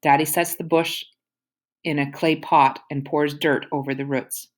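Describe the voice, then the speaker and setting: A woman reads a novel aloud in the first person, casual and youthful in tone. Her voice sits low. The telling is steady audiobook narration. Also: a little slow.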